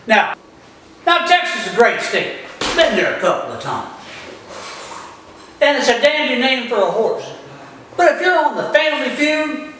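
A man's voice: very high-pitched, pushed and bright, slight background noise. A man hosting a comedic folksy monologue, joking with viewers and talking to his dog, recorded from a distance in an echoey room. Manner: folksy, jokey, addresses viewers directly.

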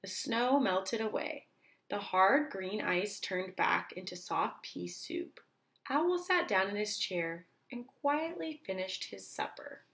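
A woman teacher reading a children's book aloud, slowly and clearly for young children. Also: mid-range voice, animated, a bit bright.

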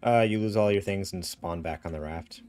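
A man's voice: low-pitched, a little fast, darkish tone, soft background music. A young man from upstate New York, chatting casually as he streams a game and reads signs aloud. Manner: chatty, narrates what he reads and does. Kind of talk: casual gameplay chat.

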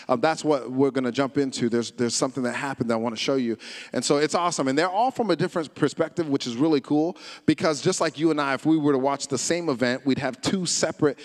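A man with an American accent preaching a sermon as pastor, animated and repeating phrases, asking the congregation to say them back. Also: medium pitch. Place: church service, large hall. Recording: long hall reverb.

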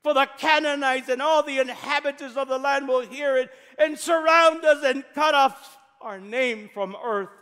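A man voicing an anguished male leader who cries out to God in loud, pleading wails, in a reverberant church. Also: extremely high pitch, moderate pace, few pauses, pitched above the performer's own voice. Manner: wailing, pleading.

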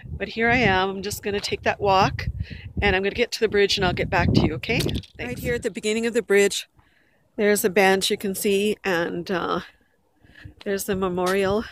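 Walking and jogging in a park near a river bridge, a woman vlogger speaks to her handheld camera in a steady, medium-pitched voice at normal speed, with long pauses. She's slightly winded, chatting casually, rambling and correcting herself over noisy outdoor audio.

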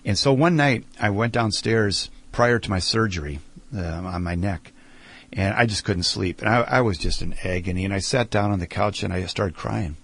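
A middle-aged man speaking earnestly in an interview, sharing a heartfelt story about faith and slowing down for emphasis. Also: on the low side, gravelly, a bit bright, slightly rough.

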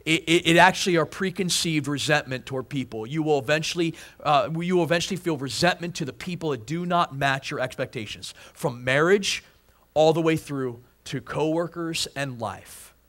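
A pastor preaching a sermon, emphatic, repeating phrases and restarting words. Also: male voice, a little high, normal speed, a bit bright.

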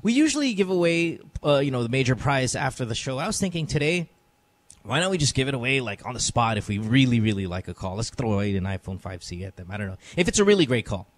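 A man's voice: medium pitch, big pitch swings, fast, dry recording. A man hosting a podcast in casual chat, brash and joking, cursing freely, speaking American-accented English. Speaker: podcast host.

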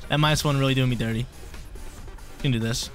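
A man commentating his own competitive video game match in a casual, slangy way, breaking into loud yelps when luck turns against him. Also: medium pitch, steady tone, fast talker, soft background music. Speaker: gaming YouTuber.

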